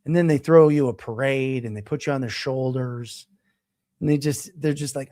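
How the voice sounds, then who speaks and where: A middle-aged man coaching on real estate in a casual motivational talk, animated and emphatic, repeating his key points. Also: mid-range voice, normal speed.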